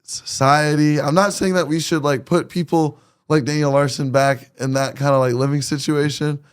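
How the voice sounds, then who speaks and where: Slangy male guest, slightly high voice. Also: steady tone, moderate pace, clean tone. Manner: slangy, emphatic, repeats points. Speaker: podcast guest. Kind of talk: casual podcast chat.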